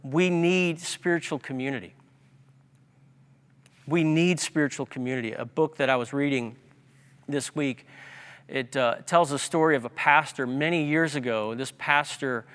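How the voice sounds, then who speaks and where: A man's voice: on the high side, normal speed, fairly bright tone, smooth. A man preaching a sermon as pastor, emphatic and repeating key words for effect. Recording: long hall reverb.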